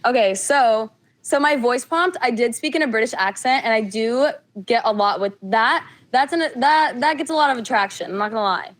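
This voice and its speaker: A woman's voice: on the high side, moderate pace. A woman calling in to a podcast, chatting casually and a bit hesitantly, with many fillers. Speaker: caller. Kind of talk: casual call-in chat.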